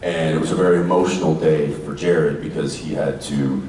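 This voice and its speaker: A man's voice: very deep voice, steady tone, normal speed, warm tone, a little hiss or hum. A man in his forties, an actor on a convention panel, telling thoughtful stories to a live audience, often trailing off and restarting. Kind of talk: reflective storytelling to a live audience. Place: large convention hall stage. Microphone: handheld mic, recorded from the audience. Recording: distant echoey hall audience recording.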